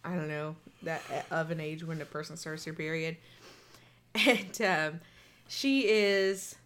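A woman's voice: low voice, takes it slowly, a bit bright, a little hiss or hum. A woman telling a story in a casual chat, candid and laughing as she talks, swearing freely.

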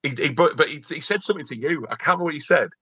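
A man's voice: on the high side, rapid-fire, bright, forceful tone, breathy edge, no room sound. A man guesting on a comedy podcast, telling an anecdote with lots of restarts and quoted voices. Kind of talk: casual podcast chat, storytelling. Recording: dull lo-fi recording.

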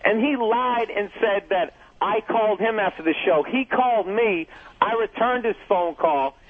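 A man on a radio show, a comedian telling a profane, animated story in casual chat. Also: high voice, unhurried. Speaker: comedian guest. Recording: tinny phone line.

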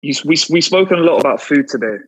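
A man's voice: on the high side, lively intonation, very fast, slightly rough, poor audio. A man co-hosting a podcast with a London accent, building up to a question with hesitant fillers. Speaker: podcast co-host. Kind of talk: casual interview.

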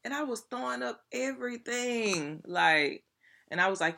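A young adult woman vlogging, telling stories to her viewers in an animated, chatty, profane way full of slang. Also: mid-range voice, normal speed, gravelly. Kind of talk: casual storytelling to viewers.

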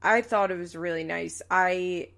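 A woman's voice: lowish voice, steady tone, a little slow, creaky, a bit bright. A young woman hosting a show who recaps a reality series in casual, chatty talk, full of "like" fillers. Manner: chatty, frequent "like" fillers, quotes people in passing. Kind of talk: casual chat.

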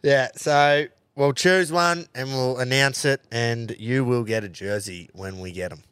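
A man's voice: mid-range voice, measured pace, fairly bright tone, clear, resonant tone, dry recording. A man with an Australian accent hosting a podcast, telling crude stories in casual banter and laughing often. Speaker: podcast host. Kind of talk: casual pub-style banter.

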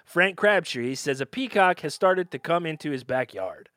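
A man's voice: fairly high pitch, lively intonation, moderate pace, a bit bright, no room sound, clean studio sound. A man co-hosting a casual comedy podcast, joking, laughing often and reading news stories aloud. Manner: jokey, laughs often, reads articles aloud. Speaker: podcast co-host.

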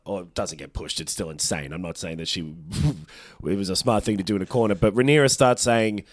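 A man's voice: low voice, fairly quick, no echo, studio quality. A man co-hosting a podcast, chatting casually, swearing freely and acting out what people say. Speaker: podcast co-host. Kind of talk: casual chat.

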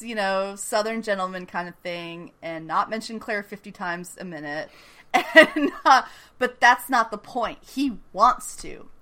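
A woman's voice: medium pitch, bright, forceful tone. A woman recapping a TV episode in casual chat. She is chatty, laughs often and swears freely. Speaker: podcast host recapping a TV episode.

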